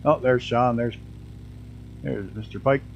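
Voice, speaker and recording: A man with a mixed New York and Canadian accent and a trace of Southern US, giving live game commentary at a middle pitch. He laughs a lot and blurts out excited exclamations, his speech hampered by a damaged tooth. The stream mic sounds dull and lo-fi. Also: a little slow, creaky, slight background noise. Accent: mixed New York and Canadian with a hint of Southern US.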